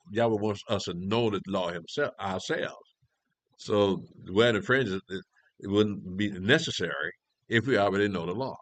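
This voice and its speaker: An elder teaches scripture to a prophecy class, reading verses and asking rhetorical questions in a conversational style full of restarts. His voice is on the low side and a bit bright, with no echo.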